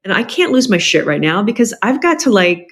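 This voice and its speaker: A middle-aged woman, a podcast guest, telling a personal family story candidly, with quick asides. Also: medium pitch, big pitch swings.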